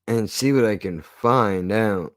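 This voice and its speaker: A man's voice: lowish voice, slow pace, no echo. A man streaming live, ranting casually in a rambling, profane way with frequent restarts.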